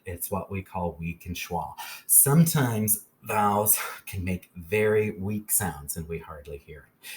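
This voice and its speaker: A man teaching a phonics lesson, slowly sounding out syllables and checking in with frequent "okay?". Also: sits low, a little hiss or hum.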